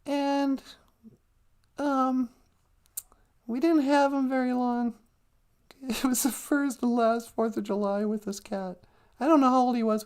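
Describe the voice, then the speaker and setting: A woman co-hosting a casual live stream chats and reads viewer comments aloud, laughing often, her high-sitting voice clean with a darkish tone.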